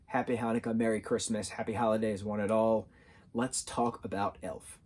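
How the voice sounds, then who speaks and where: A man's voice: on the low side, fairly even intonation, normal speed, a little mellow. Young guy vlogging a movie review, chatty and loose, lots of "you know"s. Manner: chatty, rambling, many fillers. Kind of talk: casual talking-head review.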